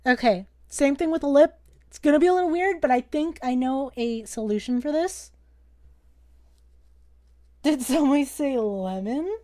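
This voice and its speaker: A young woman hosts a casual live-streamed drawing lesson with a slightly high voice. She is playful and excitable, jokes with her viewers and swears in passing. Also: fairly quick.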